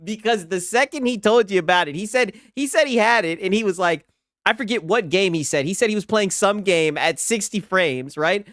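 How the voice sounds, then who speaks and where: A man's voice: high voice, lively intonation, normal speed, a bit bright, dry recording, studio quality. A man hosting a casual reaction commentary, mocking and sarcastic, swearing freely. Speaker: host reacting to a streamer clip.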